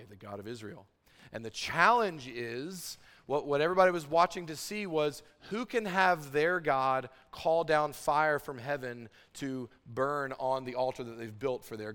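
A man preaching a sermon, telling a Bible story with dramatic swings between loud and hushed delivery and sarcastic asides. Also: medium pitch, big-room sound. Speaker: pastor.

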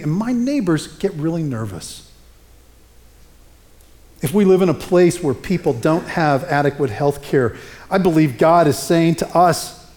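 A middle-aged male pastor delivers a sermon, telling stories in a lively, conversational style. His voice is high.

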